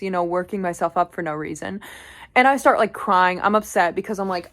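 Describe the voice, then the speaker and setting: A woman's voice: lowish voice, a little fast. Candid young woman telling a story. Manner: candid, animated storytelling with swearing. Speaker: vlogger. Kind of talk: casual storytime monologue.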